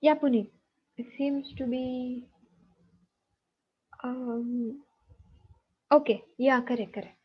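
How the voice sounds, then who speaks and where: A woman's voice: sits high, fairly even intonation, slow, pauses often, slightly rough. Patient woman teaching over dull call audio. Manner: patient, checking students' answers aloud. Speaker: math teacher. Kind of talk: online class teaching.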